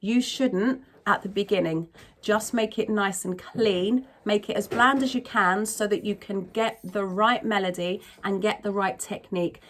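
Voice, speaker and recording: A woman's voice: medium pitch, steady tone, measured pace, fairly bright tone, slight background noise. A woman vocal coach explaining singing technique in a frank, chatty tutorial manner. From not from America.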